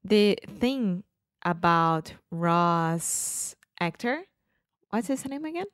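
Slow, smooth woman. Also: on the low side, sing-song, fairly bright tone, no echo, studio quality. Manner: repeats words, simple phrasing. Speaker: podcast co-host. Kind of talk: casual chat.

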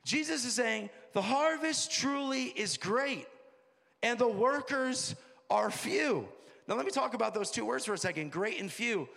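A high-voiced man preaching in a reverberant hall, his voice rough with a gravelly edge. He moves between quiet, joking asides and shouted rallying calls. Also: lively intonation, a little slow. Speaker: pastor. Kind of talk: sermon.

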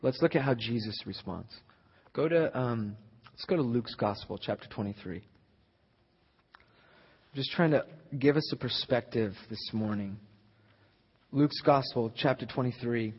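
A young man preaching a sermon, emphatic, building to near-shouts at the high points. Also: unhurried, long pauses, husky. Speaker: pastor. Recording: dull lo-fi recording in a reverberant hall.

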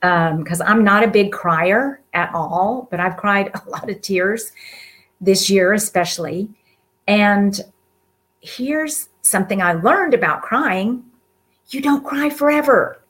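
A woman's voice: mid-range voice, slow pace. Earnest woman sharing heartfelt encouragement. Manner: earnest, warm-hearted and encouraging, with soft laughs. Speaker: guest speaker. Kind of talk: heartfelt casual talk to an audience.

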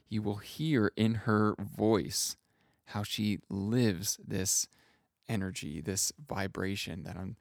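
A man hosting a podcast as a self-kindness coach, speaking gently and reflectively, often pausing to search for words. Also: fairly low pitch, creaky, no echo, studio quality. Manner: gentle, unhurried, searching for words with soft fillers.

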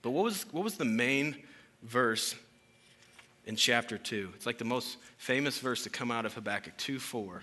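A man's voice: mid-range voice, moderate pace, pushed and bright. A man in his thirties preaching a sermon as pastor, talking casually and jokingly, asking the congregation questions.

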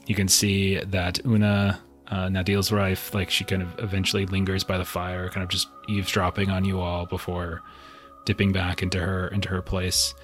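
A man's voice: low-pitched, monotone, moderate pace, soft background music. A man narrating as game master of a tabletop game, describing scenes in a loose, meandering way with many fillers.

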